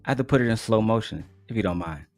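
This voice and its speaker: A man's voice: fairly low pitch, lively intonation, very fast, darkish tone, no room sound, soft background music. Sarcastic man hosting a clip stream. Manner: teasing, sarcastic asides to viewers. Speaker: commentary stream host. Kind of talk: reacting to clips with commentary.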